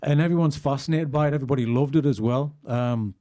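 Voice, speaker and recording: A man hosting a podcast, chatting casually and telling animated stories. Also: medium pitch, quick pace. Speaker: podcast host. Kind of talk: casual chat.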